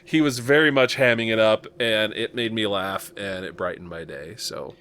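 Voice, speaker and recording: A man's voice: fairly low pitch, normal speed, fairly bright tone, smooth. A man from Nebraska hosting a podcast in casual chat, rambling with lots of fillers and chuckles. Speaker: podcast host.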